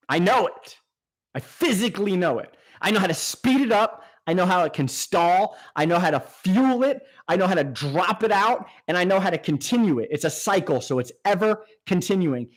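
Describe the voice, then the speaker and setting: A man's voice: sits high, big pitch swings, moderate pace. A man hosting a casual live stream, reading out viewer comments and answering them enthusiastically off the cuff. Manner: enthusiastic, talks off the cuff with fillers and restarts. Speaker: aquarium channel host.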